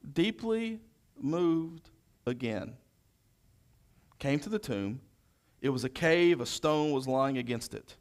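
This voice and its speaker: A man gives an expressive sermon at a slow pace in a medium-pitched voice. He reads scripture verse by verse and expounds on it, his delivery ranging from loud proclamation to hushed quiet.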